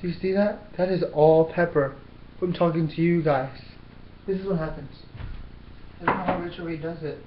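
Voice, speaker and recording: A man's voice: fairly high pitch, steady tone, moderate pace, long pauses, a little hiss or hum. A young man chatting casually through a cooking vlog in his apartment kitchen, self-mocking, swearing and yelping, recorded on a lo-fi camera mic. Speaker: cooking vlogger. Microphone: built-in camera mic. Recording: roomy, dull lo-fi camera sound.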